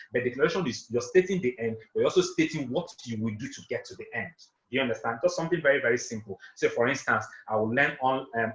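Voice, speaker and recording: A man running an interactive online class, talking fast and emphatically, repeating points and asking for confirmation. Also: medium pitch, a bit bright, echoey room, muffled recording. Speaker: online trainer and coach. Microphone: video call.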